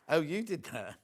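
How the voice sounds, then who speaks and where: A man presenting a live TV shopping demo, chatty and excitable, gushing over the products and chatting with viewers and crew. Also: a little high, husky.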